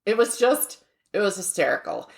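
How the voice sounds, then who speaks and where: A woman co-hosting a podcast in casual chat, an animated storyteller who acts out quotes and laughs often. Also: medium pitch, normal speed, creaky. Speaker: podcast co-host.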